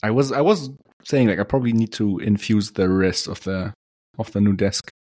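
A man's voice: fairly low pitch, moderate pace, darkish tone, no room sound, clean studio sound. A man co-hosting a podcast in casual chat, chatty and laughing often, with frequent restarts. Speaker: podcast co-host.

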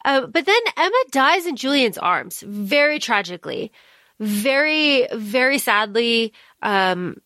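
A woman's voice: a little high, very animated, unhurried, pushed and bright, dry recording, studio quality. Swearing, emphatic woman recapping a book. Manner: emphatic, swears freely, acts out characters' lines. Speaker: podcast co-host. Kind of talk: casual book recap chat.

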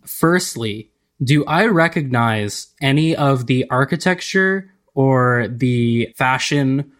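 Dude playing a tabletop rpg, mid voice, jokey, fires off questions. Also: male voice, medium pitch, lively intonation, takes it slowly, fairly bright tone. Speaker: player. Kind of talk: casual tabletop game chat.

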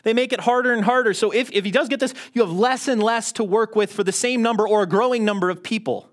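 A man's voice: high voice, fast talker. Chatty man preaching a sermon. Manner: conversational and self-deprecating, with frequent restarts. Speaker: pastor.

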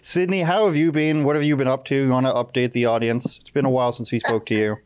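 A man's voice: medium pitch, fairly even intonation, fast talker, a little mellow, clear, resonant tone. A man hosting a podcast, chatting casually and teasing his guests, often laughing. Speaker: podcast host. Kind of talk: casual interview chat.

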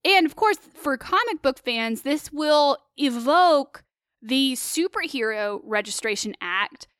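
A woman co-hosting a casual film discussion, animated and opinionated with quick asides. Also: sits high, no room sound, studio quality. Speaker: co-host of a film discussion show. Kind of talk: casual film commentary chat.

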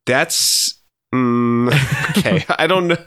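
A man's voice: mid-range voice, slow, a bit bright, smooth, no room sound, studio quality. A man co-hosting a podcast in casual chat, hesitant with many fillers and giggles. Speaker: podcast co-host. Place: home vineyard, indoors.

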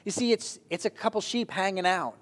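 A man preaching a sermon in a conversational, animated way with light jokes. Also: high voice, a little fast.

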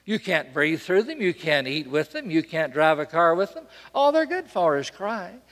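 A man's voice: a little high, big pitch swings, normal speed. Guy preaching at the pulpit, dramatic, repeats stuff, voice leaps all over, big reverby church. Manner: dramatic, emphatic repetition, swings between loud and soft. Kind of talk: sermon.

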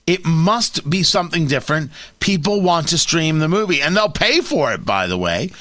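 A middle-aged man hosting a radio talk show, giving opinionated commentary with sarcasm and quick asides. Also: a little high, dry recording. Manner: sarcastic, animated, quick asides and mock voices. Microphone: studio microphone.

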